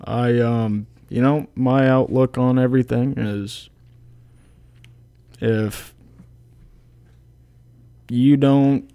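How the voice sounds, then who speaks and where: A man's voice: medium pitch, fairly even intonation, extremely slow, long pauses, mellow, clear, resonant tone. A young man in his twenties, a college kicker guest, talking plainly and casually in an interview with lots of fillers. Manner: laid-back, plainspoken, many fillers.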